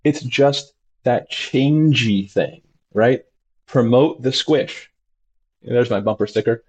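A man, a doctor as interview guest, talking expressively and acting out his patients' voices with big jumps in pitch. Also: slow pace, darkish tone, husky, highs cut off. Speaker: integrative medicine doctor, guest. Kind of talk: animated conversational interview.

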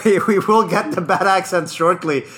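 A man's voice: sits high, moderate pace, fairly bright tone. A man co-hosting a podcast in casual chat, joking and laughing often. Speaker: podcast co-host.

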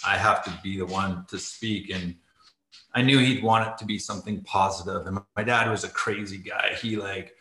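A man's voice: deep voice, fairly even intonation, moderate pace, sharp tone, echoey room, low-quality recording. A middle-aged man, a former ice hockey player, telling stories as a guest in a casual video-call interview, rambling, full of "like" and laughing as he goes, tearful at moments. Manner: rambling, says "like" often, laughs while telling.

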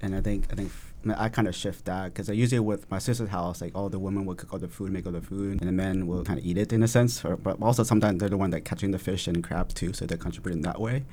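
A man's voice: sits low, fairly even intonation, fast, few pauses, mellow, a little hiss or hum. A man chatting casually as a podcast guest, rambling with lots of fillers and restarts. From family from southern Vietnam. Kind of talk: casual chat.

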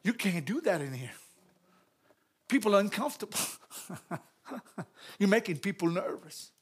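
A man playing disapproving church elders who scold a member in a hushed voice. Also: high-pitched, very animated, unhurried, slightly rough, exaggerated voice. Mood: stern. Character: stern group of church elders.

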